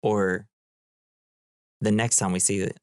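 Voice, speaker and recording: A man's voice: on the low side, flat delivery, takes it slowly, clear, resonant tone, no echo, studio quality. A man co-hosting a movie podcast, retelling scenes in a loose, rambling way, full of "like". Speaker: podcast co-host. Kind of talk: casual movie-recap chat.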